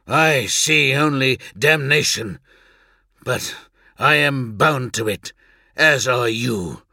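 A man voicing a weary, blunt male warrior huntsman, speaking in a measured, grim way. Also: mid-range voice, vocal fry, pushed and bright, no echo, clean studio sound, voice pushed up, full character voice.

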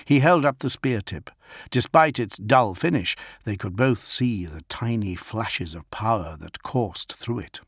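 Gravelly male audiobook narrator. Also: fairly low pitch, lively intonation, unhurried, a bit bright, no room sound, clean studio sound. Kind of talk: scripted narration.

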